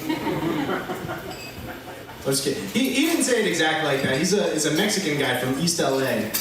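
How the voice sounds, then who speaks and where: A man's voice: a little high, expressive, normal speed. A young man doing a stand-up set, self-deprecating and stammering as he goes. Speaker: stand-up comedian. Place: comedy club. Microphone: phone filming from the audience. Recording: echoey club from far off with crowd. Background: crowd laughter.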